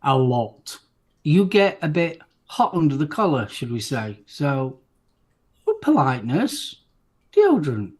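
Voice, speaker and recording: A man in a casual podcast chat, speaking with slow, dry, understated delivery. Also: a little high, sing-song. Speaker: show co-host.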